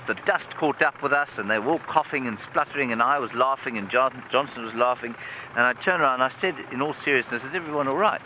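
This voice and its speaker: Animated male safari guide telling a story. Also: medium pitch. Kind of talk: live storytelling on a game drive. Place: outdoors in a safari vehicle. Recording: vehicle engine noise outdoors.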